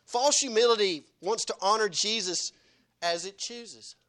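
A man preaching a sermon, dramatic, with wide swings between loud and hushed and acted-out quotes. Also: sits high, unhurried.

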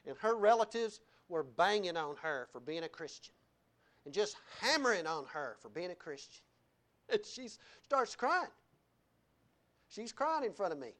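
A male pastor preaching a sermon, animated, with laughing asides and wide swings in pitch and loudness.

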